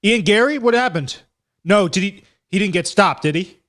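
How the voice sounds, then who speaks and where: A man hosts a casual live commentary stream, his slightly high voice swinging widely in pitch. He chats loosely and thinks out loud to his viewers. His voice is hoarse and wearing thin. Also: animated, moderate pace. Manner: chatty, talks to himself while reacting.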